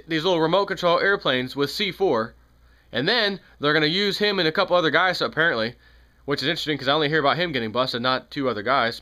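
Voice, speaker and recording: A man with a slightly high, bright and forceful voice delivers angry, sarcastic political commentary on his own video channel. He keeps repeating his points, growing more heated as he goes.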